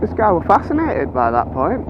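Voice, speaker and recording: A young man babbles excitedly through stories and jokes, swearing freely and often breaking into laughter. His voice sits high for a man. The recording is made outdoors, with loud traffic noise behind him. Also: normal speed, highs cut off. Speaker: motovlogger. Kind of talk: casual chat.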